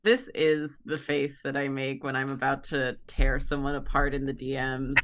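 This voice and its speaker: A woman's voice: very deep voice, little pitch movement, moderate pace, fairly bright tone. A woman co-hosting a casual drawing stream, joking dryly and laughing often. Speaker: stream co-host and artist. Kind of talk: casual chat.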